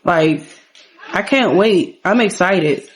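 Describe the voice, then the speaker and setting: A woman's voice: fairly low pitch, expressive, slow. A woman voicing a cheerful, headstrong young adult daughter in a life-sim game, talking with sassy, casual slang.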